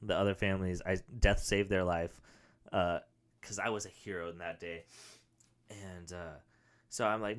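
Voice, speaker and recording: A young man hosting a comedy podcast, rambling through a story and acting out the other people in it. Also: moderate pace. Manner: animated, acts out quoted voices with big pitch jumps. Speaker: podcast host. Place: home studio with a whiteboard.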